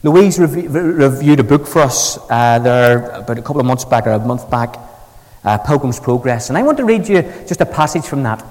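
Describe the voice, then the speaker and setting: A man preaching a sermon with animated, storytelling delivery. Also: medium pitch, brisk, long reverb tail, low-quality recording.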